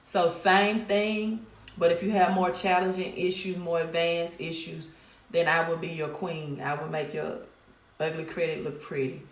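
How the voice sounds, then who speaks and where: A woman's voice: on the low side, little pitch movement, a little slow. Middle-aged woman with a Mississippi accent, host on a live stream, direct and scolding, repeats herself, roomy echo. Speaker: credit repair business owner hosting a live stream. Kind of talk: casual live stream pitch. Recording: echoey room.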